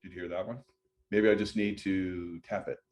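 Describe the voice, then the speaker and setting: Middle aged guy rambling on a livestream, lowish voice, keeps cutting himself off. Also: little pitch movement, normal speed, darkish tone. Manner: rambling, chatty, self-interrupting. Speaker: livestream host. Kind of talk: casual livestream chat. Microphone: phone or computer mic.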